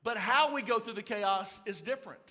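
A man preaching a sermon to a church congregation, telling a story with lots of repeated words and acted-out shouts. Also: sits high, fairly quick. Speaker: pastor. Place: church auditorium.

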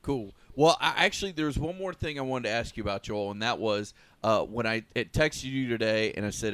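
Smooth-voiced male podcast host. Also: medium pitch, brisk, hardly any pauses, a bit bright. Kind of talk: casual interview chat.

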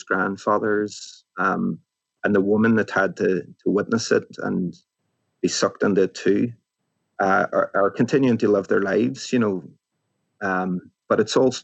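A Northern Irish man reflects aloud as an interview guest, musing and thoughtful, often letting his sentences fade. His low voice is gravelly and husky. The sound is close and dry. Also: no room sound, lo-fi sound. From Northern Ireland. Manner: thoughtful, musing, trails off softly. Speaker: author guest.

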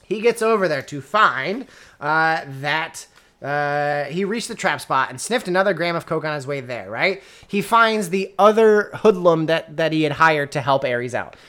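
A woman's voice: sits low, expressive, moderate pace, a bit bright. A woman co-hosting a podcast, recapping a book in casual chat with exasperated, sardonic emphasis and repeated punch lines. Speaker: podcast co-host reviewing a book.

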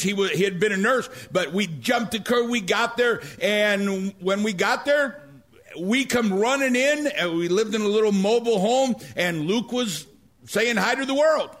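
A middle-aged male pastor preaching a sermon, telling stories with animated energy and rising to near-shouts. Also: high voice.

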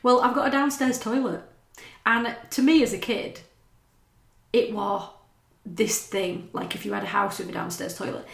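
A woman's voice: medium pitch, fairly even intonation, moderate pace, creaky, echoey room. Chatty woman in her thirties. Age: 30s. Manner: chatty, swears, laughs often. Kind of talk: casual chat.

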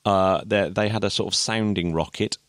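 A man's voice: fairly low pitch, fairly even intonation, normal speed, no room sound, studio quality. A man co-hosting a podcast, explaining things in a rambling, chatty way with frequent self-corrections and chuckles. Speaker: podcast co-host. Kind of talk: casual explanatory chat.

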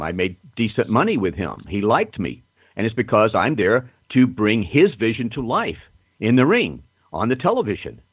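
An older man telling stories in a casual interview, self-assured and animated, acting out other people's lines. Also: fairly low pitch, husky, no echo. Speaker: guest storyteller. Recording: muffled phone-line audio.

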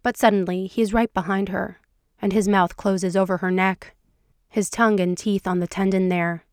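A woman podcast host reading fan fiction aloud in a soft, intimate storytelling voice. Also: medium pitch, steady tone, normal speed, dry recording, studio quality. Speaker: podcast narrator.

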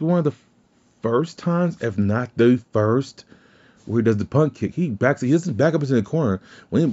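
A man's voice: fairly low pitch, warm tone. A man hosting a podcast in casual chat, rambling and cursing, with many restarts. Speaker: podcast host. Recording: slightly dull lo-fi sound.

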